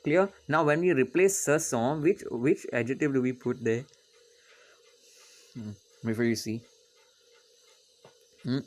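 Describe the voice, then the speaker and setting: A man's voice: medium pitch, unhurried, pauses often. A man teaching a French grammar lesson to students, patient and repetitive, often checking in with "okay?".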